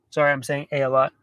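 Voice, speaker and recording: High-voiced Canadian man chatting live. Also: fairly bright tone. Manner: chatty, loose, frequent fillers and apologies. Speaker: livestream host. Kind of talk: casual livestream chat. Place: inside a camper van.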